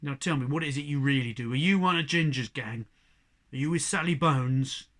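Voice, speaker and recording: A man voicing a tough young female street cat who talks gruffly and bluntly, with a gravelly voice. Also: mid-range voice, normal speed, fairly bright tone, close to an everyday voice. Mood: scornful. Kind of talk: audiobook character reading.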